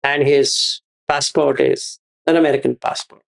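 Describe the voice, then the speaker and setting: Man, meditation teacher, gravelly voice, repetitive phrasing, rhetorical questions. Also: medium pitch, level tone, unhurried, fairly bright tone. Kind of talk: Buddhist teaching talk.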